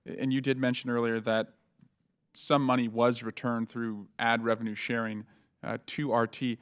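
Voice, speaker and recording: A man in a hearing room questions witnesses with a smooth, resonant voice. He speaks at a measured pace, pausing often to gather his words. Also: mid-range voice, flat delivery. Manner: measured questioning with frequent uh fillers.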